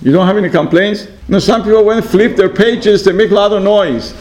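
Guy with a pretty high voice doing a chatty religious class, lots of "you know", goes soft and low for side remarks. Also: brisk, poor audio. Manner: repetitive, many "you know" fillers, acts out exchanges. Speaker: religious teacher. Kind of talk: informal Torah class.

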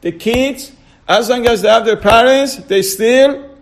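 A man leads an informal class in a high voice with a gravelly rasp. He keeps asking his listeners rhetorical questions and checks that they are following. He repeats key words over and over for emphasis. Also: measured pace. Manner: checks on listeners with short asides. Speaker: Torah teacher. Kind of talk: casual classroom lecture.

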